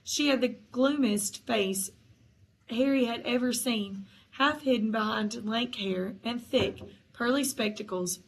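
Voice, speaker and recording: A woman narrating a children's fantasy story in a steady audiobook reading. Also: a little high, a little slow, low-quality recording.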